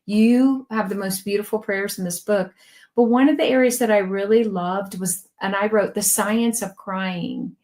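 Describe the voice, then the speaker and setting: A middle-aged woman co-hosting a podcast interview, talking in an effusive, emotional and lively way. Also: medium pitch, normal speed. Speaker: podcast co-host. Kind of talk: casual interview chat.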